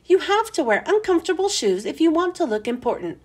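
Woman reader as earnest schoolboy who wants to look important; high, lively, unhurried storybook voice.

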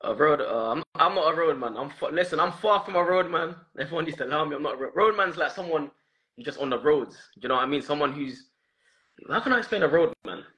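A man's voice: on the high side, lively intonation, quick pace, sharp tone. A young man with a London accent, chatting casually as a guest, laid-back and full of slang, laughing often. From England. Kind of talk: casual interview chat.

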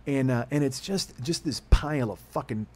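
A middle-aged man hosting a podcast, telling a rambling, profane story with excitement and acting out the dialogue. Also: mid-range voice, moderate pace. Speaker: podcast host. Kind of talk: casual monologue storytelling.

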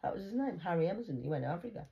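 Low-voiced rambling, swearing woman. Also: animated, rapid-fire, mellow, dull audio. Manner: chatty, rambling, swears freely, jokey asides. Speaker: vlogger. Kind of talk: rambling personal monologue.

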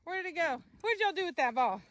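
A woman's voice: extremely high pitch, very animated, fast talker, fairly bright tone, a little hiss or hum. A woman, filming a casual vlog outdoors as she plays with her dogs, laughing and calling commands to them.

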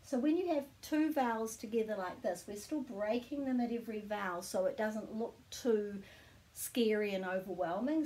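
A woman giving a friendly pronunciation lesson, sounding out words slowly and carefully. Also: fairly high pitch, darkish tone. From New Zealand. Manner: slow, careful demonstration of each sound. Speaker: pronunciation teacher, author.

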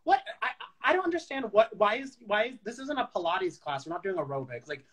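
A man's voice: high-pitched, lively intonation, fairly quick, a bit bright, rough recording. A man hosting a casual chat show, joking and teasing his guest and laughing often. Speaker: host.

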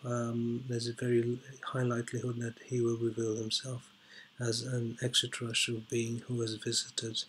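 Hesitant flat-voiced man, full of ums. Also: mid-range voice, slightly rough. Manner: hesitant, heavy with ums and uhs; emphatic repetition for stress. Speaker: video blogger. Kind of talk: unscripted commentary while reading an article.

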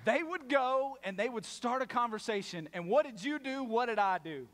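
A male pastor delivering a sermon in a church, animated and playful, dropping to a hush for emphasis. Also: very high-pitched, normal speed, long reverb tail. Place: church sanctuary.

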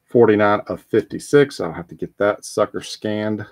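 A man's voice: fairly low pitch, moderate pace, darkish tone, dry recording, clean studio sound. A man hosting a live trading card break, talking casually and rambling with frequent ums and restarts.

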